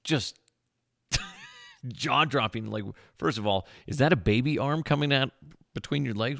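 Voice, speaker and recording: A male podcast host rambles through stories full of crude jokes and frequent fillers, offhand and jokey in a casual monologue. His medium-pitched, gravelly, fairly bright voice has a sing-song lilt and a slightly slow pace, recorded in studio quality with no room sound.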